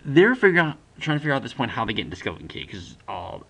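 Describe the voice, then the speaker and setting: A man's voice: medium pitch, very animated, very fast, gravelly, fairly bright tone. A young man casually retelling a book's plot for a review, rambling with lots of "like" and acting out the characters' lines. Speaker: book reviewer.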